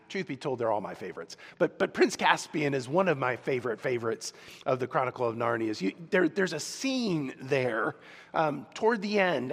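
A man's voice: a little high, a bit bright. A man preaching a sermon as pastor, earnest and conversational, with some fillers. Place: church. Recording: long reverb in large hall.

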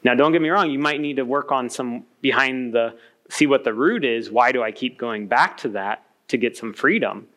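A man's voice: medium pitch, moderate pace, a bit bright. A man in his thirties speaking to an audience at a workshop, earnestly coaching the listeners.

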